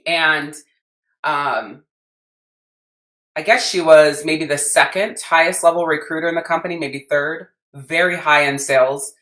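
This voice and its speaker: A woman's voice: low voice, a bit bright, reverberant. A woman business coach with an American accent telling a story in a blunt, emphatic podcast rant, swearing freely.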